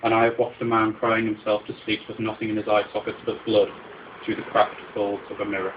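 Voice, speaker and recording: A man's voice: fairly low pitch, completely flat delivery, brisk, noisy background. A man performing his own poetry live in a dramatic, incantatory way, repeating refrains, on a muffled recording. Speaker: poet.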